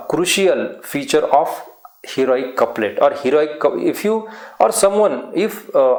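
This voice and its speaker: Teacherly man with Indian English accent. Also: medium pitch. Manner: patient, repeats key points, frequent "uh" fillers. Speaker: literature teacher. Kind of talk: online literature lecture. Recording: roomy echo.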